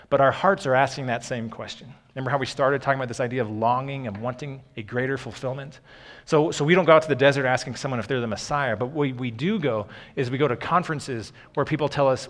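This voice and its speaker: A man's voice: medium pitch, a bit bright, in a large hall. A man preaching a conversational sermon, with asides and repeated words. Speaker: pastor.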